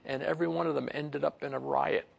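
Middle-aged male pastor, slightly high, gravelly voice, relaxed verse-by-verse Bible teaching with chatty asides. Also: quick pace. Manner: conversational, reads scripture then explains it with chuckles and asides.

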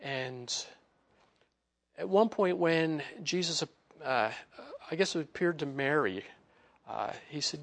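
A man giving a conversational Bible teaching, casual and animated, chuckling between points. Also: a little high, unhurried, gravelly.

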